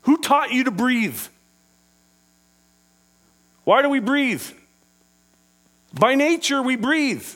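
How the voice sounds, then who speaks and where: A man preaching a sermon as pastor, acting out small scenes and dropping low and quiet for scripture readings. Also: slow, long pauses. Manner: animated preaching with acted-out impressions.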